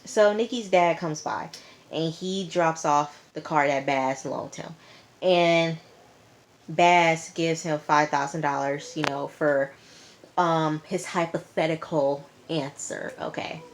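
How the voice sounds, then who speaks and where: A woman recapping a TV episode in a relaxed, chatty way. Her voice sits low, and she talks in slang with emphatic asides and lots of fillers. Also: slow pace, slight background noise. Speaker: TV show reviewer.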